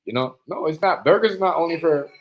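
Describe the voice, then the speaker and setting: A man streaming a casual monologue, talking in animated street slang and repeating himself. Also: a little high, quick pace, muffled recording, very noisy.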